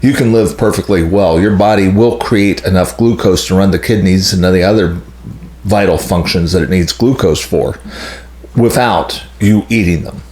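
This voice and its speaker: A man's voice: low voice, moderate pace, a little mellow, reverberant. A man hosting a health channel, explaining in a blunt, emphatic casual monologue that hammers home key points.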